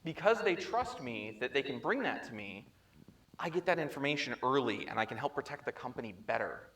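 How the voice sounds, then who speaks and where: A man presenting at a security chapter meeting, telling a story in a lively way and acting out the dialogue, speaking into a handheld microphone. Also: mid-range voice, a little fast. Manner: animated storyteller who acts out quoted dialogue. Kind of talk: conference talk, storytelling. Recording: echoey room, faint background noise.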